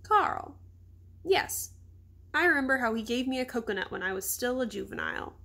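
A woman's voice: on the high side, racing, pushed and bright. Woman reading as a dreamy, mild gorilla. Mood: wistful. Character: big thoughtful male silverback gorilla, dreamy and mild.

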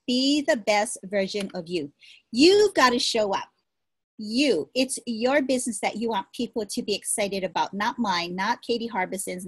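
A woman giving an energetic, encouraging motivational talk as a sales team leader, repeating her points, recorded at her desk. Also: a little high, slightly rough, dry recording. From Hawaii.

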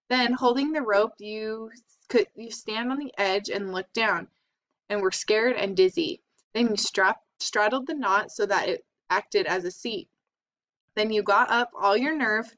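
A woman's voice: mid-range voice, a bit bright. Woman reading a children's book aloud. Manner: plain reading with small slips and self-corrections. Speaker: reader. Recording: slightly dull lo-fi recording.

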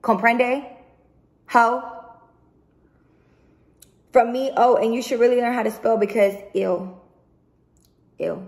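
A woman's voice: on the high side, fairly even intonation, takes it slowly, long pauses, darkish tone. A woman vlogger in a heated storytime rant to camera, swearing often and repeating herself for emphasis. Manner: profane, emphatic, repetitive venting.

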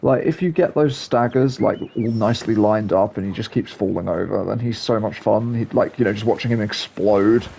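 A man's voice: on the low side, moderate pace, creaky, few pauses, a little mellow, a little hiss or hum. A young man giving casual, rambling gameplay commentary as a channel host, hesitant and full of ums.

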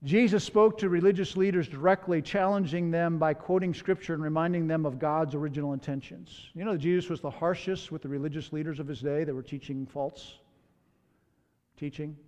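A man's voice: fairly high pitch, a little fast, a little mellow, long reverb tail, muffled recording. A man preaching a sermon as pastor. He tells stories in a conversational way, with candid asides.

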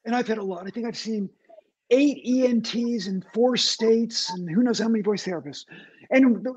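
A man in his sixties with a husky voice, a guest author telling wry anecdotes over a video call. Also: very high voice, darkish tone, dull audio. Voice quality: husky post-covid voice. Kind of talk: interview storytelling.

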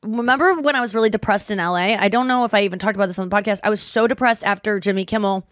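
A woman's voice: mid-range voice, racing, no echo, studio quality. A woman in her thirties hosting a podcast, chatting casually and acting out the voices of the people in her stories. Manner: animated storytelling, acts out quoted voices. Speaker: podcast host. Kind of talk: casual chat.

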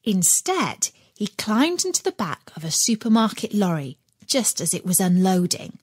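A woman reads a children's storybook aloud, expressive and lively in her storytelling. Her voice sits at a medium pitch with a slightly husky edge. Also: moderate pace, no echo. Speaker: narrator. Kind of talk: children's audiobook narration.

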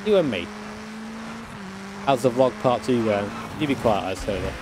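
Over the hum of game car engines, a male streamer offers loose, joking live commentary and curses freely. He speaks expressively at a medium pitch and moderate pace.

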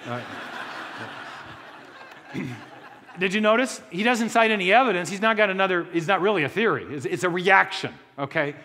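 A man's voice: sits high, normal speed, long pauses, bright, forceful tone, in a large hall. A man giving a conversational lecture to a live audience, with joking asides and frequent restarts.

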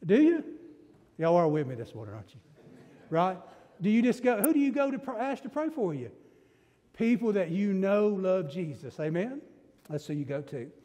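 Male pastor, high-pitched, emphatic sermon delivery, long church reverb. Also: mellow. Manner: emphatic preaching with rising bursts and rhetorical questions. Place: church sanctuary.

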